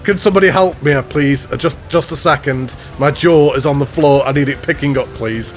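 A man hosting a game channel, giving excited, gushing commentary with self-mocking asides. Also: on the high side, a little fast, soft background music.

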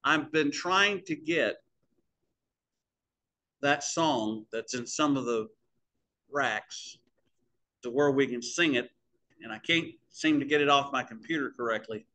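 Slow-talking folksy preacher man. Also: mid-range voice, pushed and bright. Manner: folksy storytelling, addresses the congregation as folks. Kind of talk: sermon. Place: small church.

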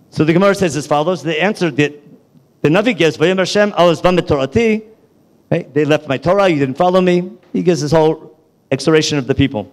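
A rabbi with a fairly high voice teaches a class in a college lecture hall. He keeps firing questions at his listeners and drops quick asides between points. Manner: quizzes audience, quick asides.

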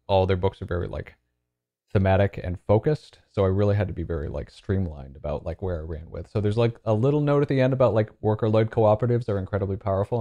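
Low gravelly-voiced man, thoughtful guest. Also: dry recording, dull audio. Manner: thoughtful, hedging with fillers. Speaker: podcast guest, author. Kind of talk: casual interview talk.

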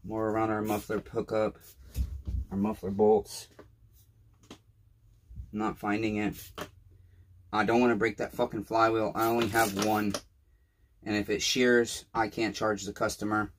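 A low-voiced man talks to the camera while he works on a repair, tired and overwhelmed, muttering and swearing under his breath. His casual vlog talk carries plain frustration. Workshop noise and clicking tools sit clearly behind him. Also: flat delivery, measured pace, pauses often. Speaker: small-engine repairman.

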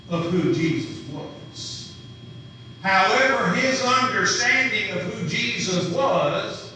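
A man's voice: high voice, pushed and bright, a little hiss or hum. A man preaching a sermon who asks his congregation questions as he teaches. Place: church sanctuary. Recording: roomy, distant church recording.

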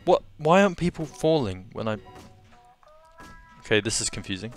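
A young man with an Australian accent giving excitable let's-play commentary, gasping and repeating his exclamations. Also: mid-range voice, normal speed, faint music behind. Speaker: gaming video host.

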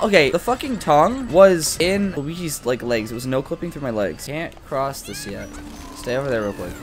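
A young man talks his way through a video game in a lively voice that jumps all over the place, swearing freely and shouting at the characters on screen. He has a sore tongue that makes speaking uncomfortable. Game music plays faintly behind him. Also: mid-range voice. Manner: excitable, swears often, yells at game characters. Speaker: gaming video creator. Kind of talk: casual gameplay commentary.

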